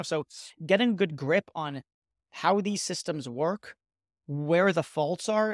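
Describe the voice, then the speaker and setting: Brief: male podcast host, slightly higher voice, earnest, repeats words as he thinks, dry close recording. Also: no echo. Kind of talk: podcast intro and interview questions.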